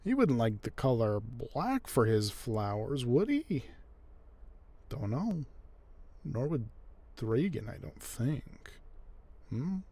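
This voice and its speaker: A man's voice: mid-range voice, big pitch swings, slow, long pauses, mellow, husky, no echo. A man giving casual gameplay commentary with chatty, wry asides. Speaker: gaming video creator.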